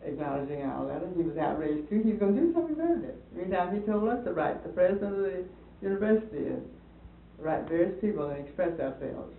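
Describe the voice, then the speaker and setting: A woman telling a long anecdote in casual conversation, pausing on fillers and acting out the voices of the people in it. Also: on the low side, vocal fry. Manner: animated, acts out quoted voices, hesitant fillers. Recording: lo-fi distant echoey archival tape with hiss.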